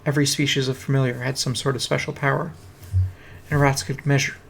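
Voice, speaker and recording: A man with a gravelly, slightly bright, mid-range voice reads a fantasy fan story aloud on a stream in a dry, wry way. He uses a streaming mic at his home setup, and there's a little hiss or hum.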